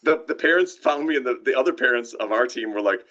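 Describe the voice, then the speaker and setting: A man's voice: medium pitch, animated, fast talker, pushed and bright. A man casually telling a rambling story on a live stream, often restarting his sentences and laughing. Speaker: podcast co-host. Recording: dull lo-fi live stream audio.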